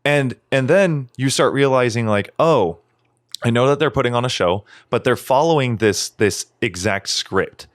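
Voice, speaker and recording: This is a man co-hosting a podcast in casual chat, mid-pitched and animated, who swears freely. He jumps into loud, higher impressions of other people. The sound is dry and close. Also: normal speed, dry recording. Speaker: podcast co-host.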